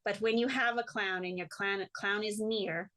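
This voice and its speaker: A woman doing an impression of a tiny old French clown teacher with a French accent, speaking in a gentle, measured way. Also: medium pitch, fairly even intonation, natural voice.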